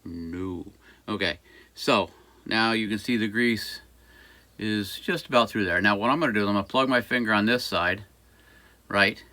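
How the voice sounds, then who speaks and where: A folksy man chats his way through a repair job, rambling and cracking small jokes as he goes. His voice is on the low side but bright and forceful. He drifts around the bench near a camera mic. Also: normal speed, long pauses. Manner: folksy, rambling, jokey asides. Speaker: small engine repair shop owner. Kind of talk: casual workshop how-to talk. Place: workshop by a busy road.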